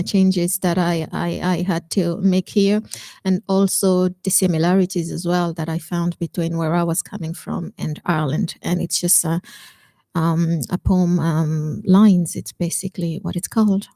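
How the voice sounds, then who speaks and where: A woman from Congo who is a poet, giving hesitant introductions and then reading her verse slowly and deliberately. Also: fairly low pitch, dark tone, dry recording. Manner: hesitant, halting introductions full of "um". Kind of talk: poetry reading with spoken introductions.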